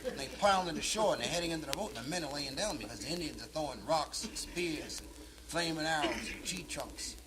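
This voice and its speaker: A man's voice: on the high side, animated, fast talker, a crowd in the background. A man telling a comic story in a playful, punchy stand-up delivery. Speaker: stand-up comedian. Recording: crackly 1960s vinyl record.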